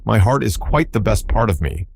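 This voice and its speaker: A man voicing a kind-hearted tin man who speaks courteously and calms others. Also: fairly low pitch, moderate pace, creaky, slightly rough, no echo, studio quality, pitched above the performer's own voice, full character voice.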